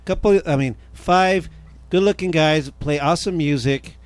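A man hosting a casual radio interview, loud and joking, rambling with many restarts. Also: a little high, moderate pace. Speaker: radio show host.

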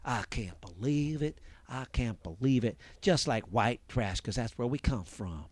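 A man doing an impression of a fiery Southern woman legal pundit, in a put-on Southern drawl, slow and dramatic. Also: medium pitch, lively intonation, dry recording. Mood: indignant.

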